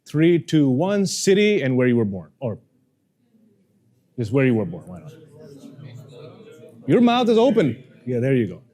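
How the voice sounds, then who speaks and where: A man's voice: medium pitch, a little slow, pauses often. A man coaching a workshop audience on how to speak, acting out the people he quotes. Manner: animated, acts out quoted people. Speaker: communication coach. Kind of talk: workshop lesson.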